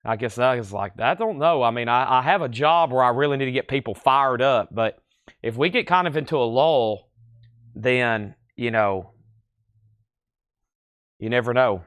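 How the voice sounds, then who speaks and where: A man with a lilting Tennessee accent hosting a live-stream record sale, reading titles, conditions and prices in a steady, easy patter. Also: mid-range voice, normal speed, pauses often, clean tone, dry recording, clean studio sound. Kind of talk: live-stream auction selling.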